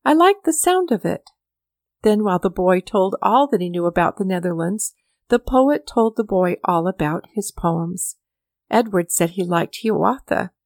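A woman telling a storybook tale in a measured, steady way. The recording is dry and close, with no room sound around her voice. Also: fairly low pitch, no echo. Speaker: reader. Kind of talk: audiobook storytelling.

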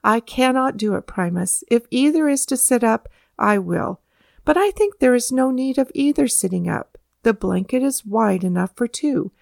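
A woman's voice: on the high side, expressive, normal speed, vocal fry, no room sound, clean studio sound, pitched above the performer's own voice. A woman reading the lines of an earnest, dignified army general, raising her voice to insist. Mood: insistent.

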